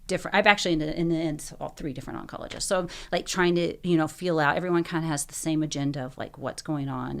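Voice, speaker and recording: A woman whose voice is low for her sex appears as a podcast guest and tells her personal story in an interview. She comes across as earnest and emotional, peppering her speech with lots of "like" and "you know."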